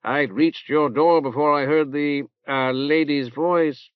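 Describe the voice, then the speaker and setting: A man's voice: a little high, takes it slowly, clean tone. A man putting on a nasal, pompous old cleric. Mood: unctuous. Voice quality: nasal, reverberant. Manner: fussy, hesitant with ums, drawn out. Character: pompous older male cleric, nasal and reverberant. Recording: dull dry tape transfer.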